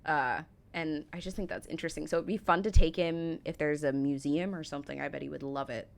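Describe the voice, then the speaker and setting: Gushing American woman with a low voice. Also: fairly even intonation, fairly quick, gravelly. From United States. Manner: gushing, rambling with many fillers. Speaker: reaction video host. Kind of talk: casual reaction commentary.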